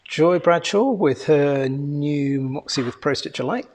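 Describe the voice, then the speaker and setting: Husky dry-humored man. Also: on the high side, unhurried, a little mellow. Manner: dry, teasing, reads out names. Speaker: co-host. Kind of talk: casual live-stream chat.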